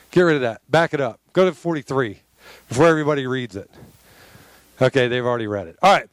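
A man's voice: a little high, no echo. A man preaching a sermon to a congregation, emphatic and conversational, calling out for responses. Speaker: pastor.

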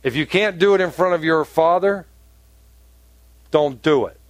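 Pastor guy preaching hard, high voice, gets fired up. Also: a little slow, no echo. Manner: animated preaching, rising to emphatic peaks. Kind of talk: sermon.

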